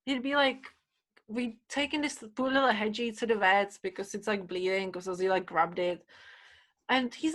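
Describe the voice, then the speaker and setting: A woman in casual conversation, spilling stories with lots of "like" and "you know". She acts out what people said as she goes, and her voice sits in a middling pitch. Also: normal speed. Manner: animated storyteller, many fillers, acts out quotes. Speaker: podcast guest. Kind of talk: casual chat.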